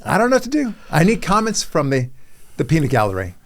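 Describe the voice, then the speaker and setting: A man's voice: fairly high pitch, wildly swooping pitch, fast talker. A middle-aged man hosting a podcast in casual chat, rambling and self-mocking, often repeating his words as he starts sentences. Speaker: podcast host.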